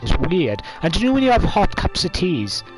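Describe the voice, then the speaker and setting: A man's voice: sits high, wildly swooping pitch, brisk, soft background music. A man of twenty-five, telling a story casually to camera with lots of fillers. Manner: rambling, many fillers, coughs and laughs.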